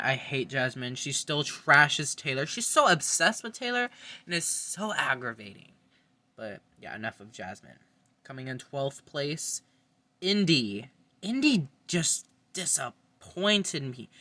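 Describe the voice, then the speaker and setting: Young adult fan vlogger, sharp and bright-toned, casual and opinionated, dry room. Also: medium pitch, dry recording. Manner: blunt, opinionated, swears freely. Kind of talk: casual ranking monologue.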